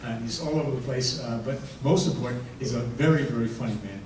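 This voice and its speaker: A man in his sixties, a rabbi doing stand-up comedy, telling jokes dryly with pauses before punchlines. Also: mid-range voice, darkish tone. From United States. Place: large hall with audience. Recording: echoey hall from far off, room noise.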